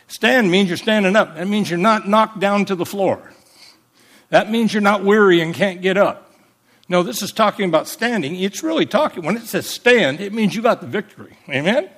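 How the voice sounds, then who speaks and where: A man preaching from the pulpit in a fairly high voice. He talks emphatically, calling for amens and slowing down to spell out old words. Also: animated, a bit bright. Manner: emphatic preaching, calls for amens, explains Greek words slowly. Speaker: pastor. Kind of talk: sermon.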